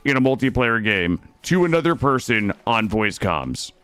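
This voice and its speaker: A young man streaming a game, chatting casually with viewers, swearing often and swinging between loud remarks and muttering. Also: medium pitch, sing-song, moderate pace, clean tone, no room sound. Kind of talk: casual gameplay chat with viewers. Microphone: studio microphone.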